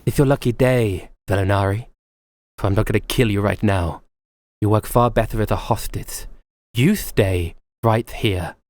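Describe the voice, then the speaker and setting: A man's voice: on the low side, normal speed, darkish tone, no echo, voice pushed down, close to an everyday voice. A man doing a weary cursing commander. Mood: cold. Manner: weary, crude, drawling. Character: gruff cursing male military commander.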